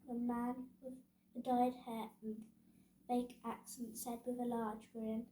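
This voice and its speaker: A woman reads a children's storybook aloud, slowly and evenly, with occasional small stumbles. Her voice is soft and somewhat high. The room around her sounds echoey. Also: little pitch movement, a little hiss or hum. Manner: slow, careful reading with small stumbles. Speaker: story reader. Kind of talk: reading a children's book aloud.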